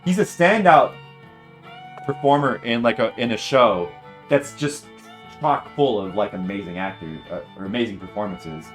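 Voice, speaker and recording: A man's voice: fairly low pitch, animated, normal speed. A man streaming a video game, chatting casually and enthusiastically with many fillers and restarts, and faint guitar music behind him. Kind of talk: casual commentary while playing.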